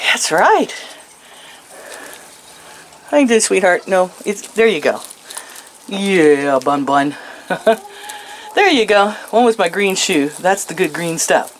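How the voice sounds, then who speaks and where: A woman's voice: on the low side, expressive, slow pace, pauses often, a little hiss or hum, rough recording. An older woman chatting outdoors to her chickens and rabbits, cooing in sing-song baby talk and laughing often. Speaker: vlogger. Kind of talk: casual chat to pets.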